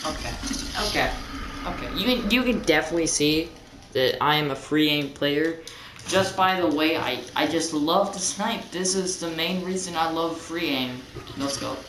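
A man giving casual, excitable gameplay commentary, rambling and repeating his exclamations as he plays. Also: a little high, moderate pace. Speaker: gaming channel host. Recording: roomy, distant mic, noisy.

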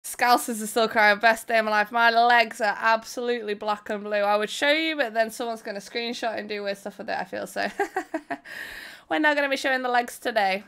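A woman hosting a live stream, talking to her viewers in a loud, excitable way. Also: fairly high pitch, creaky, clear, resonant tone. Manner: excitable, loud, fast-shifting energy. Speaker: streamer host.

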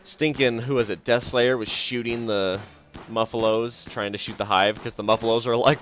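A man's voice: on the low side, steady tone, normal speed, a bit bright. A man casually talking through a strategy game on a live stream, often chuckling and muttering to himself. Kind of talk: casual live gameplay commentary. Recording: faint game music behind.

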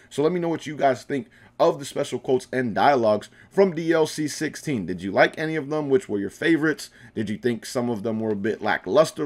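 A young man hosting a gaming channel, reading out game dialogue and reacting in casual slangy commentary with emphatic outbursts. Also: medium pitch. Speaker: gaming YouTuber.

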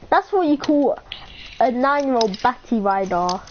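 A woman's voice: fairly high pitch, expressive, a little slow, a little hiss or hum. Slangy young woman gaming. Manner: slangy, joking banter. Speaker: player. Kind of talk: casual gaming chat. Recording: dull lo-fi mic.

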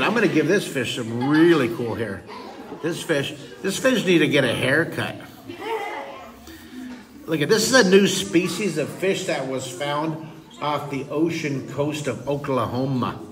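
A middle-aged man leads a playful drawing lesson, full of teasing jokes and silly asides. His voice sits a bit high and he talks slowly and deliberately. A crowd of children can be heard clearly behind him. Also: far from the mic. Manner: goofy, teasing, jokey asides. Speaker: drawing teacher.

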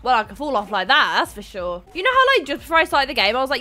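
A young woman, chatting casually as she commentates her own gameplay, excitable and quick to shriek. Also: a little high. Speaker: gaming YouTuber.

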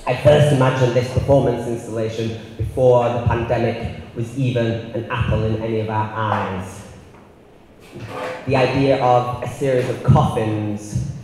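Man, Northern English accent, measured lecture with ums, dark mellow voice, faint room ambience. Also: mid-range voice, steady tone, a little hiss or hum. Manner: measured and reflective, with filler ums. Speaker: artist giving a lecture. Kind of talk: lecture, partly read from a prepared text. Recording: roomy hall with long reverb.

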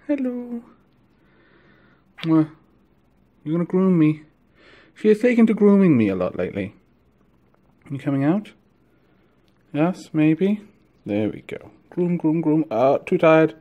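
A man filming a casual vlog of his pet ferrets, cooing to them in gentle baby talk. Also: fairly high pitch, big pitch swings, unhurried, pauses often, highs cut off. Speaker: vlogger.

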